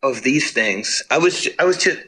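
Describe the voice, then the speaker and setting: A man's voice: mid-range voice, expressive, moderate pace, sharp tone, slightly rough, poor audio. A man, a touring band musician telling road stories as a guest in a casual interview, rambling with lots of fillers and the odd swear. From Germany.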